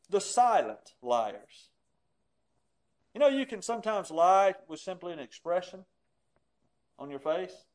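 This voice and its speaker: High-voiced male preacher. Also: fairly bright tone. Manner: storytelling, acts out quoted voices, dramatic drops in volume. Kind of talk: sermon.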